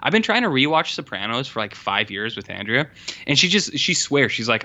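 A man talking casually as a podcast co-host, swearing freely and slipping into the voices of people he quotes. His voice is bright and forceful. The recording sounds a bit dull and lo-fi. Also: medium pitch, big pitch swings, fairly quick. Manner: loose, swears freely, acts out quoted dialogue. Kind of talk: casual chat.

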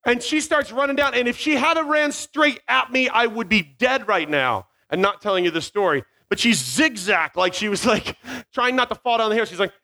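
Speaking at normal speed in a very high-pitched voice, a man recounts a funny story for an audience. He's animated and self-deprecating, imitating sounds, with a small mic near his beard.

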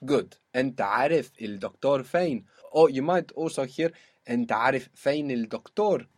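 Patient husky male language teacher. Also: medium pitch, animated. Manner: patient, prompting questions, slow model phrases. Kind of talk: spoken language lesson.

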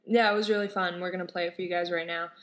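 A woman co-hosting a podcast, acting out an improvised comedy sketch with shrill, whiny dramatics. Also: fairly even intonation, racing, fairly bright tone. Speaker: podcast co-host.

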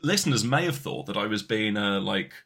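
A Yorkshire man co-hosts a comedy podcast, rambling in dry, sweary banter. His fairly low voice is gravelly and a little husky, yet bright. It moves a lot in pitch. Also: lively intonation, fairly quick. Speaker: podcast co-host. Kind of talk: casual comedic chat.

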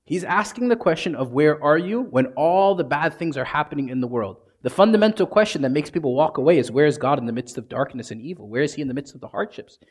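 A man's voice: a little high, animated, fast talker, hardly any pauses. A man, a priest, giving a conversational sermon and acting out prayers in everyday speech.

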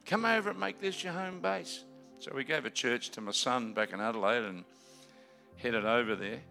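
An older Australian man with a gravelly, medium-pitched voice gives a sermon as a guest preacher. He tells jokes and wanders into asides, swinging between loud calls and quiet remarks.

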